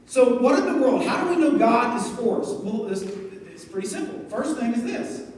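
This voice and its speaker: A man's voice: extremely high pitch, normal speed, distant mic. A man preaching to students, telling stories with jokes and asides. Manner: animated storytelling with jokes and asides. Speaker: youth pastor. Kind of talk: youth sermon. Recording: echoey hall, mic from afar.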